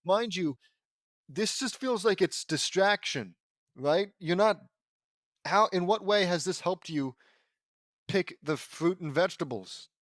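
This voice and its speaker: Snarky guy cussing thru his own fanfic reading, kinda high voice, dry close mic. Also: expressive, measured pace, long pauses, fairly bright tone, dry recording. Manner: profane, sarcastic, rambling. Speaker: audiobook reader and commentator. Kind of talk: reading fan fiction aloud with sarcastic commentary.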